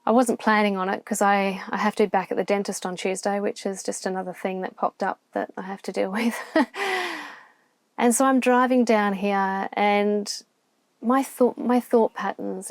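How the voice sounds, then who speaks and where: A woman's voice: mid-range voice, steady tone, moderate pace, no echo. An Australian woman vlogging alone from a campground, talking openly and reflectively with many restarts, emotional at times. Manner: open, reflective, rambling with restarts. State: near tears at times. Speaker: van life vlogger. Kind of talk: candid solo vlog to camera. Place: campground, inside a van.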